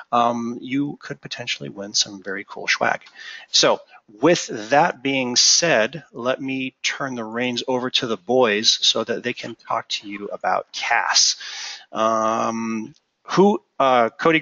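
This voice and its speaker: A bright-voiced man hosts a casual tech stream and chats easily, filling pauses with ums. The sound is dry and a little dull and lo-fi. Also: mid-range voice, no room sound. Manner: relaxed, chatty, many ums. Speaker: host. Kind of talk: casual webinar hosting.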